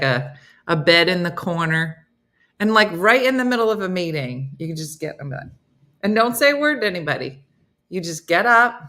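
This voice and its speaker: A middle-aged woman hosting a morning comedy show, chatting casually and telling animated funny stories. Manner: animated storytelling, mimics voices in low growls.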